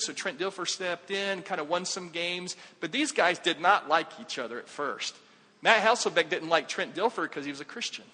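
A man preaching a conversational sermon, asking the congregation questions and dropping his voice low for emphasis. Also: sharp tone. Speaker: pastor. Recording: long hall reverb.

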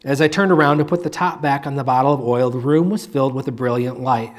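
A man preaching a sermon, reading a moving story aloud. His delivery is measured, and he slows and drops to a hush on the key phrases. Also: medium pitch, fairly even intonation. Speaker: pastor.

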